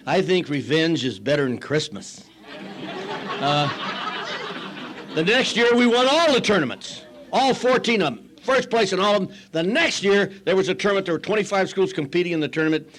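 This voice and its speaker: A man's voice: on the high side, noisy background. An older man speaking at a recovery meeting, telling his story with wry, self-mocking humor and acting out the people he quotes. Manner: acts out quoted people in voices.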